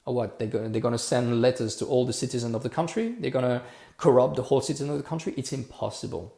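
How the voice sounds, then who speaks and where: A man's voice: mid-range voice, a little mellow, roomy sound. A man from France, hosting a casual live Q&A and answering viewer comments in an earnest, repetitive way full of restarts. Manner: earnest, repetitive restarts, says "okay" and "bro" often.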